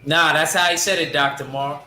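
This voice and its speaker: A man's voice: a little high, fairly even intonation, moderate pace, sharp tone, reverberant, a little hiss or hum. A man hosting a casual boxing livestream, rambling loosely and answering his chat. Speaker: boxing show host reading chat.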